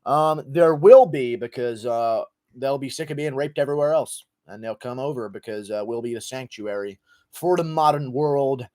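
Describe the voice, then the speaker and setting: Dude streaming, thanking donors, chill and rambly, swears a lot, ordinary mid voice. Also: male voice, mid-range voice, moderate pace, darkish tone. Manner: laid-back, profane, rambling with fillers. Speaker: livestream host reading donations. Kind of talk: casual livestream chat.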